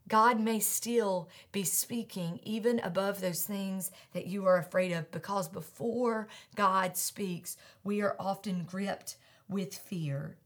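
A woman pastor preaching a sermon, stressing repeated refrains slowly and sometimes dropping to a hushed whisper. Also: medium pitch.

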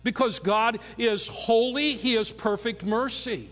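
A man preaching a sermon as a pastor, with emphatic repetition and measured pauses. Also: extremely high pitch, fairly bright tone, long reverb tail.

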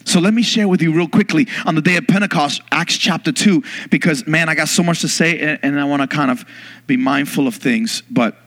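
A man preaching a sermon in church, telling a story with lively acted-out moments. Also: on the high side. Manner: animated storyteller, bursts into loud yelling in acted scenes. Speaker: pastor.

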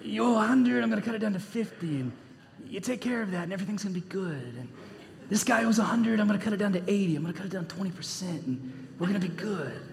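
A man voicing a smooth-talking, mobster-style male steward offering deals in a low, hushed patter. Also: lively intonation, quick pace, a crowd in the background. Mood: scheming.

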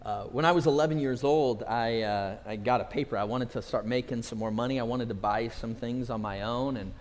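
A man's voice: medium pitch, fairly quick. A middle-aged man from California, a pastor preaching a sermon, telling stories and repeating phrases for emphasis. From California, USA. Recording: long reverb of a hall.

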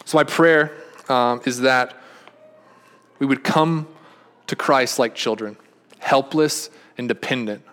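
A male pastor delivers a sermon in an earnest, medium-pitched voice, moving slowly with long pauses. He frequently repeats and restarts phrases, swinging between emphatic peaks and quiet, soft statements.

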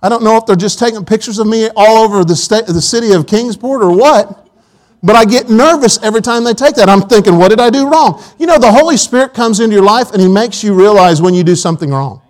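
A man's voice: sits high, quick pace, rough recording. A man preaching a sermon in a church auditorium, telling folksy personal stories with quoted asides.

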